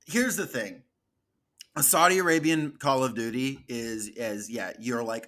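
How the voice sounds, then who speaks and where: A man's voice: mid-range voice, unhurried, sharp tone. Joking male podcast host. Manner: joking, laughs at own jokes. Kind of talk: casual chat.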